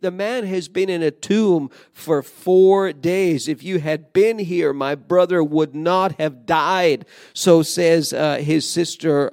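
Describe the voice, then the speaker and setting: A man's voice: on the high side, gravelly, a little mellow, no echo, studio quality. A man preaching a sermon in an earnest, emphatic way, often restarting his phrases. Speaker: pastor.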